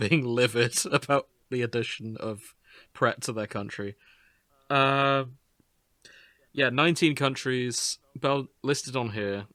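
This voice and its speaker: A man's voice: mid-range voice, bright, forceful tone, no echo. A man co-hosting a podcast, chatting casually with dry jokes and reading facts aloud. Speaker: podcast co-host. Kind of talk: casual chat.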